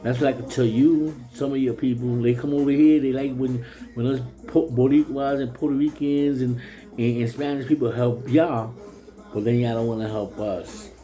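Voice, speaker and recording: A man's voice: mid-range voice, fairly even intonation, normal speed, dark tone, soft background music, low-quality recording. A man from New City, ranting heatedly in a repetitive, stammering, profane way about his town. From New York City. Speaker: local resident. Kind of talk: casual ranting monologue.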